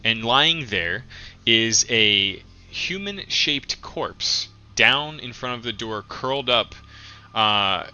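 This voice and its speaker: Game master, male, bright tone, halting and filler-heavy delivery, dull lo-fi call audio. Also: medium pitch, animated, clear, resonant tone. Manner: halting, full of fillers, asks players for detail. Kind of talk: narrating a tabletop game.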